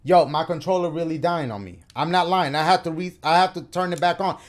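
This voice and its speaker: A man's voice: on the high side, fairly quick. A man giving playful let's-play commentary on a video game, joking around and freestyle rapping along to the beat. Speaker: gaming YouTuber. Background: game music.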